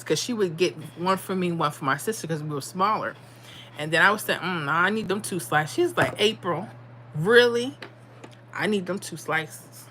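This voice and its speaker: A woman's voice: fairly low pitch, sharp tone, slight background noise. A woman in her forties from the South Bronx with a New York accent, chatting casually on her livestream, sassy and laughing often. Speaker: livestream host. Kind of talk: casual livestream chat reading comments.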